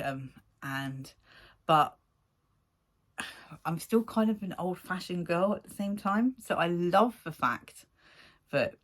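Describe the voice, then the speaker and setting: A woman in her forties casually telling a rambling story to camera, laughing often and acting out what people said. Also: deep voice. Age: 40s. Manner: rambling, animated, laughs often, acts out quotes. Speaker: vlogger.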